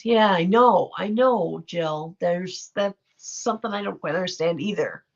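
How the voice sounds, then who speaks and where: A woman's voice: mid-range voice, creaky. A middle-aged woman hosting a livestream, chatting casually and affectionately as she reacts to viewer comments. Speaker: livestream host reading chat. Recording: dull lo-fi livestream audio.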